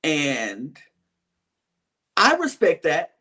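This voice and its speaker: A man with a slightly raised pitch tells reality-show gossip as a podcast co-host. He talks in an animated, chatty way and drops into casual slang. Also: very slow. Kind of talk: casual reality-TV recap chat.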